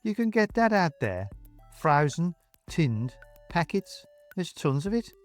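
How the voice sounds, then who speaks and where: Narrator as scornful blunt coworker, voice raised, snappy. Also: male voice, on the high side, sing-song, slow, soft background music, voice pushed up. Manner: dismissive, blunt. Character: grumpy scornful man coworker.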